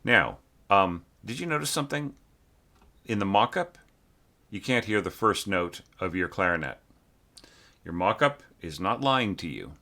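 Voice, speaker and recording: Low, bright-voiced man giving score critique. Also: big pitch swings. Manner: sings phrases to demonstrate; halting, many fillers and restarts. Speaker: orchestration teacher.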